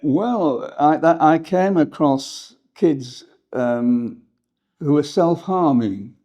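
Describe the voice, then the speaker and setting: An older English historian reminiscing in an interview, rambling and hesitant, with frequent laughs. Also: male voice, on the high side, very slow, warm tone. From England. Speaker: historian guest.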